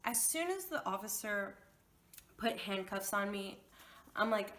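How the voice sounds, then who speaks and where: A young woman talks straight to camera in a casual storytime vlog. Her retelling runs heated and emotional, with blunt swearing. Her voice sits at an ordinary middle pitch for a woman. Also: animated, a little slow, sharp tone. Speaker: vlogger.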